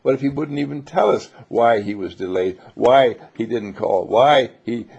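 This inspirational spiritual talk comes from a man with a dark, mellow, medium-pitched voice, speaking at a moderate pace with husky rasp and gravelly fry. Lively throughout, he performs the voices of those he quotes and laughs between phrases, though the lo-fi recording sounds dull.

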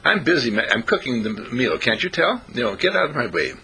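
A man's voice: mid-range voice, sing-song, a little fast, sharp tone, slightly rough, full character voice. A man imitating a busy dog owner who brushes off her pet impatiently.

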